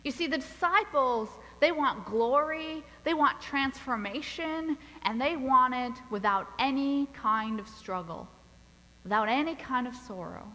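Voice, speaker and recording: A woman pastor preaching a sermon in a church, telling a story in a deliberate, measured way. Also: high voice, expressive, pushed and bright, in a large hall, rough recording. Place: church sanctuary.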